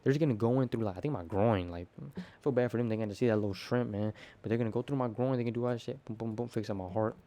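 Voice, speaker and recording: Fast-talking teen guy, profane and slangy. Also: medium pitch. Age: teens. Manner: profane, slangy, animated storytelling. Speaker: teen vlogger. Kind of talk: casual rambling monologue to camera.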